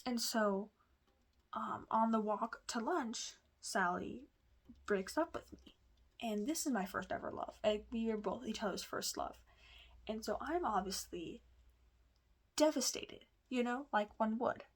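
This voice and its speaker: A woman's voice: fairly high pitch, animated, a little slow. A woman vlogger telling a personal story in a casual, rambling way, full of fillers, restarts and asides. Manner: chatty, confiding.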